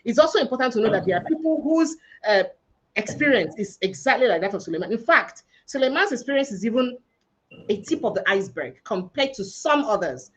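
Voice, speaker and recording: A woman's voice: fairly high pitch, very animated, fairly quick, slightly rough. Earnest Nigerian woman hosting a livestream. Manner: earnest, pleading, switches into pidgin. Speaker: livestream host. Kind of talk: livestream panel talk.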